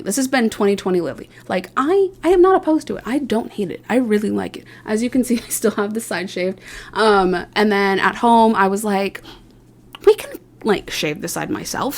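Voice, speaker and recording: A young woman vlogger telling a casual, rambling story about herself, chatty and self-mocking, with lots of fillers and quoted asides. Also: medium pitch. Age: young adult.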